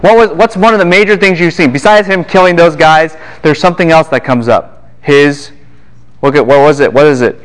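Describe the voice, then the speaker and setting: A man giving a Bible lecture to a class, animated and quick to fire questions at his students. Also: fairly high pitch.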